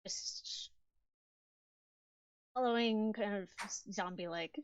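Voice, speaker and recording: A woman playing a tabletop game who describes her character's actions in a soft, measured way. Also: medium pitch, lo-fi sound, slight background noise. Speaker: player.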